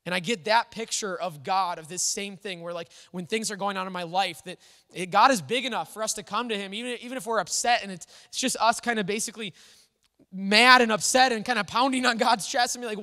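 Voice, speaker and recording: A man's voice: sits high, brisk, bright, forceful tone. A man preaching a sermon in an earnest, conversational way, with frequent restarts. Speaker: pastor. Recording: long hall reverb.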